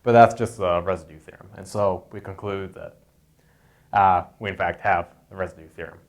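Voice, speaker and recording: A man's voice: low-pitched, moderate pace. A man explaining a math proof in an unscripted lesson, hesitant, with frequent fillers and self-corrections. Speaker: math tutor.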